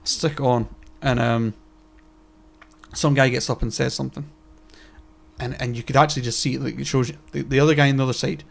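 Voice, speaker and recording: A man's voice: medium pitch, fairly even intonation, fairly quick, gravelly. A young man co-hosting a podcast, ranting animatedly with lots of swearing and stammered restarts. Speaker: podcast co-host. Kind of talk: casual profane chat.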